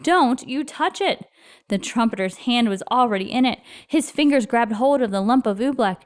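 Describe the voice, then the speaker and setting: A woman narrating a children's book aloud, expressive and lively. Her voice sits a little high for a woman, with a storyteller's animated pacing. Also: brisk, smooth.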